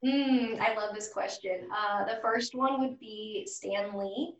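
A woman's voice: medium pitch, slow pace, far from the mic. Chatty woman, echoey and off-mic. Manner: energetic and chatty. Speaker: podcast guest, anxiety coach for women. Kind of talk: casual podcast interview.

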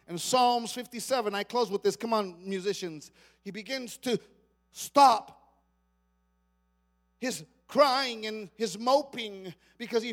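A man with a very high voice preaching a sermon. He moves between soft, conversational stretches and loud, shouted bursts, acting out quoted scripture with dramatic emphasis. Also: takes it slowly, pauses often. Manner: acts out quoted psalm lines with dramatic emphasis. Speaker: pastor.

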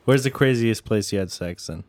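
Man with a lowish voice, casual joker who laughs through his questions. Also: moderate pace, darkish tone. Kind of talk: casual chat.

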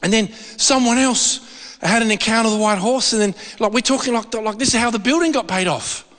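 A man preaching a sermon, telling a story with lots of laughter and excitement. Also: high-pitched, brisk, in a large hall.

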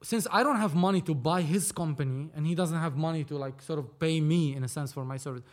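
A man's voice: a little high, fast. A man from Lebanon who works as a film producer tells a story in a casual interview. He acts out each side of the dialogue and swears freely. His voice sits a little above the usual male range.

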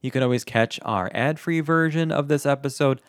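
A man's voice: medium pitch, a little fast, clear, resonant tone, no room sound, studio quality. A man co-hosting a podcast, chatting casually through the show's outro and plugs. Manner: chatty, self-deprecating. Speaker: podcast co-host.

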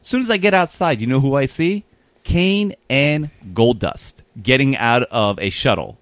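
A man's voice: mid-range voice, moderate pace, no room sound. Man, rambling storyteller, casual chat, dry close sound. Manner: rambling, animated, many fillers. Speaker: guest telling a story.

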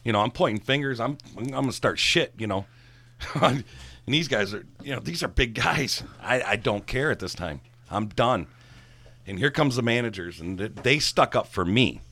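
A man's voice: mid-range voice, normal speed. A middle-aged man telling a long, rambling, profane story from his bartending days in casual chat. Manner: profane, rambling, animated when worked up. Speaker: guest storyteller, former bartender.

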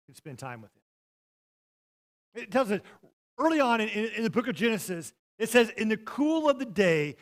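A middle-aged man preaching with a high-pitched voice. He tells stories from the pulpit, leaping from loud, shouted bursts down to hushed, almost whispered lines. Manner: storytelling, swings from loud shouting to near-whispers. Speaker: pastor. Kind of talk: sermon.

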